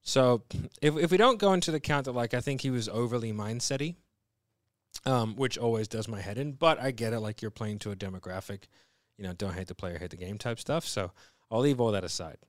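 A man's voice: mid-range voice, brisk, dry recording, studio quality. A man in casual conversation, retelling a story bluntly with lots of swearing. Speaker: podcast co-host. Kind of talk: casual chat.

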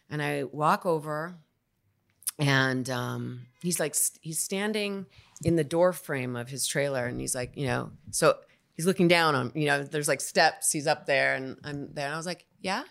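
Gravelly low-voiced woman telling stories. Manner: animated, acts out quotes. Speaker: podcast guest, actor. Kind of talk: casual storytelling.

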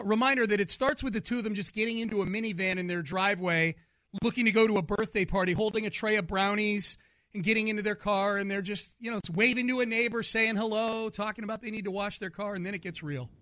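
Bright high-voiced male radio host. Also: dry recording, clean studio sound. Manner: chatty, laughing often. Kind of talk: casual radio talk.

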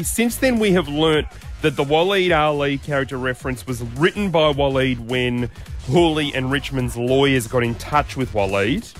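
A man co-hosting a radio show, talking in casual, joking banter. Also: medium pitch. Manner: joking, animated storytelling.

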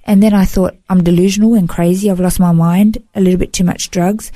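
A woman's voice: lowish voice, steady tone, fairly quick, mellow, dry recording. Lady telling her story, heartfelt, keeps saying you know, dry close sound. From Australia. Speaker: guest sharing a personal testimony. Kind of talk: emotional first-person storytelling.

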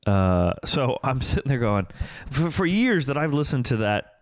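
A man's voice: mid-range voice, sing-song, moderate pace, no room sound, studio quality. A man in his fifties talking casually about albums, rambling with many restarts and retold stories. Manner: rambling, full of restarts, retells stories with quotes. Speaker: podcast co-host. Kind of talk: casual music chat.

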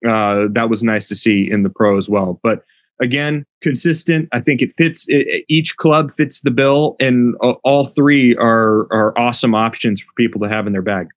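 A man's voice: medium pitch, moderate pace, no room sound. A man, the show's producer, talking through club data in a casual podcast discussion with an analytical manner.

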